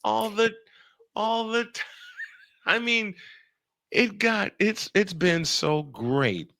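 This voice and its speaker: A man hosting a radio show, telling a funny story in casual chat, animated and laughing often. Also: high voice, vocal fry, dry recording, clean studio sound. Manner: animated, laughing, quick bursts of speech. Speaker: radio and podcast host.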